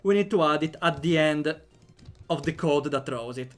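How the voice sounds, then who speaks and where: A young man with an Italian accent talks casually through a programming livestream. His voice sits a little high, and he jokes and laughs freely with his viewers. Faint music plays quietly behind him. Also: moderate pace. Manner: chatty and playful, laughs often, jokey asides. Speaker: game developer streamer.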